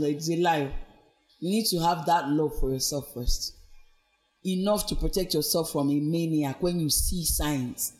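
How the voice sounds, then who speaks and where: A woman as a podcast guest, telling her personal story in an earnest, reflective way and animatedly acting out what others said. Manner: animated, acts out quoted speech with big pitch swings.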